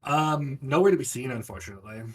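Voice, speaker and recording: A man narrating as game master in a tabletop game, laid-back, breaking into loud shouted voices for the characters. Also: medium pitch, expressive, fast talker.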